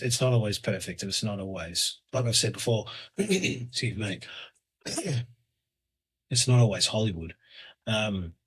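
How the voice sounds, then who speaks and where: Low husky dad voice, thirties, soft and hesitant, lots of ums, podcast monologue. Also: male voice. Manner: hesitant and reflective, many fillers and restarts. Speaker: podcast host. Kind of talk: solo reflective podcast monologue.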